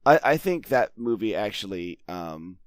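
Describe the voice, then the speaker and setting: A man's voice: lowish voice, sing-song, measured pace, smooth, dry recording, clean studio sound. A man co-hosting a podcast in casual chat, rambling with restarts and quoting movie lines. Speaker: podcast co-host.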